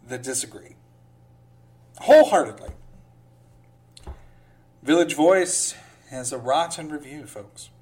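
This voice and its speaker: Podcast host, unhurried, animated pitch, sarcastic asides, pompous reading voice. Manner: sarcastic asides between quotes. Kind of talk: casual commentary reading film reviews aloud.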